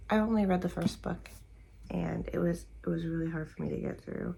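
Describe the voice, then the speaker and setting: A woman's voice: lowish voice, brisk, creaky, background noise. A tired, sleepy woman chatting casually at home in the morning as a book vlogger, rambling and searching for words. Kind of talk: casual morning chat to camera.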